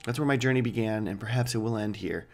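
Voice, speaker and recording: A man's voice: fairly low pitch, fast, soft background music, natural voice. A man voicing a brooding male warrior bent on revenge, reading game text in a plain voice. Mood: grim. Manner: reads game dialogue in a plain voice.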